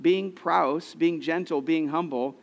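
A man's voice: a little high, slow, creaky. A man preaching a sermon as a pastor, earnest and storytelling, with frequent repeated phrases.

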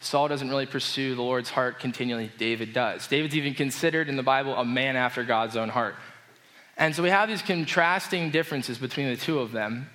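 A man preaching a casual, conversational sermon, explaining a story with relaxed enthusiasm. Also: medium pitch, brisk. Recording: long reverb of a hall.

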